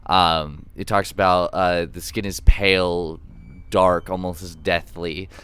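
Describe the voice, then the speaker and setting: A man running a tabletop game as dungeon master, narrating with many pauses and fillers. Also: low voice, little pitch movement, a bit bright, smooth. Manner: hesitant, filler-heavy narration. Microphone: streaming microphone.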